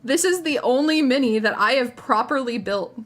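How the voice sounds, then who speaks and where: A woman's voice: high voice, lively intonation, normal speed, a bit bright. A woman streamer chatting casually to her viewers while painting miniatures, rambling, giggling and often restarting her sentences.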